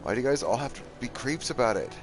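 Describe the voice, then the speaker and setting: A man's voice: mid-range voice, expressive, quick pace, music in the background. A man streaming a video game, joking and riffing playfully over the dialogue. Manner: playful, riffing, doing silly voices. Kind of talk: joking let's play commentary.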